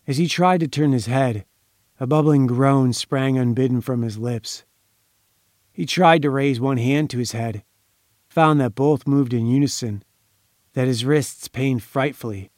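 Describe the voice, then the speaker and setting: A man's voice: mid-range voice, darkish tone, no echo. Man narrating a crime story, dry sound. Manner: measured, dramatic storytelling. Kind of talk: scripted pulp crime narration.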